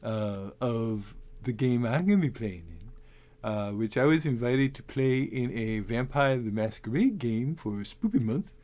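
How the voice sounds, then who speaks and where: A man hosting a casual talk, rambling and animated with many restarts. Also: medium pitch, a little slow. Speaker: host. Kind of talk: casual talk on making tabletop game characters.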